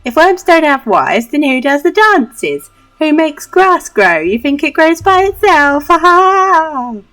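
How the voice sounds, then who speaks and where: A woman voicing a cheeky young thief boy in a put-on Cockney accent, jeering and rough-spoken. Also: big pitch swings, unhurried, fairly bright tone, faint music behind, full character voice. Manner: shrill, jeering, rough street talk.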